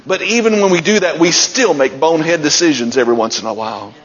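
A man's voice: a little high, expressive, quick pace, slight background noise. A man preaching a sermon, retelling scripture stories with building intensity. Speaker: pastor. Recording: dull sound with long hall reverb.

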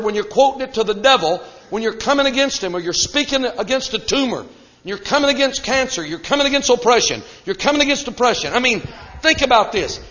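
Fervent high-voiced preacher in a hall. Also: male voice, a bit bright. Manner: fervent, emphatic, repeats key phrases. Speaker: Pentecostal preacher. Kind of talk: sermon. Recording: dull recording in a reverberant hall.

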